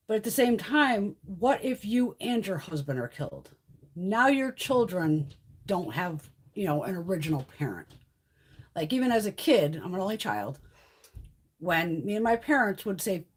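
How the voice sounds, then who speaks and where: A woman hosting a beauty livestream, chatting casually in a blunt, profane, animated way and laughing often. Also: medium pitch, slightly rough.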